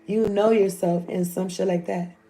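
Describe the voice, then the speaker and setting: A woman's voice: medium pitch, steady tone, moderate pace, dark tone. A woman, giving a loose, joking, profane tarot reading. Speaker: tarot reader.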